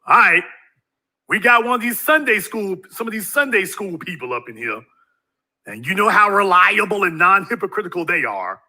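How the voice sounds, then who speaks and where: A man delivering a ranting video monologue in a high-set voice that is very bright and cutting. He preaches at his audience and keeps hammering them with rhetorical questions. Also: big pitch swings, a little fast. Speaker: YouTube commentator.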